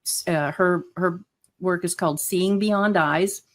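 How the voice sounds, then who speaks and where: A woman with a fairly low voice speaks as a guest in a relaxed interview. She talks earnestly and with enthusiasm, filling her sentences with small fillers. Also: a little slow. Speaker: guest, hypnotherapist. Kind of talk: casual interview chat.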